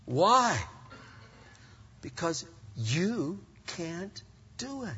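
A middle-aged male pastor delivers a sermon in an animated, conversational manner, tossing rhetorical questions at the congregation. His voice is bright with a husky edge. The sound is dull and carries a long reverb, like a church hall. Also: fairly high pitch, moderate pace.

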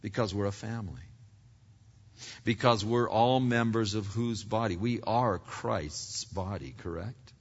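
A pastor delivers a sermon full of emphatic rhetorical questions and repeated words, his fairly low, slightly rough male voice moving at a measured pace. The recording sounds dull and echoes as if made in a large hall.

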